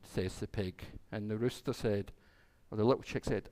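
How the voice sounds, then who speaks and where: A man's voice: fairly low pitch, moderate pace, hardly any pauses, a little mellow. A man, a minister telling a playful children's story during a church service and acting out the animals.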